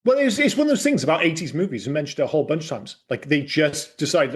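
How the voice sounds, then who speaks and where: A man's voice: on the high side, big pitch swings, fast, hardly any pauses. A man hosting a casual film podcast, chatty and wry, swearing freely. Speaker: podcast host.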